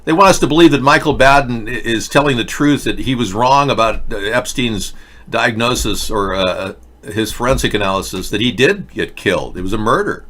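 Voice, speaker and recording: Man, livestream host, sarcastic, rambling political rant, average pitch. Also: lively intonation, normal speed, fairly bright tone.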